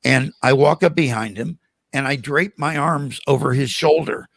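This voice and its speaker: An older man, a guest on a podcast, telling animated stories in casual conversation and acting out the voices of the people in them. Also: medium pitch, moderate pace, vocal fry, dry recording. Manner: animated anecdotes with acted-out quotes. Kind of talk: casual storytelling interview.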